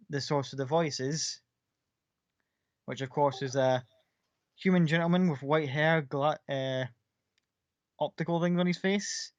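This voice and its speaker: A man's voice: medium pitch, no echo, dull audio. A man running a tabletop game as game master, narrating scenes casually and with some swearing.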